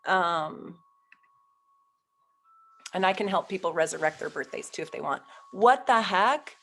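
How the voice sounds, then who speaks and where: A woman's voice: low-pitched, steady tone, normal speed, vocal fry, fairly bright tone, a little hiss or hum. A woman astrologer hosting a casual live stream, chatting with viewers, easily flustered and laughing often.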